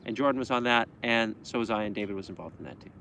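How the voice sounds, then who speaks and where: A man's voice: lowish voice, very fast, fairly bright tone, a little hiss or hum. A Canadian man co-hosting a casual livestream chat, easygoing and rambling, reading out viewer questions. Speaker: livestream co-host.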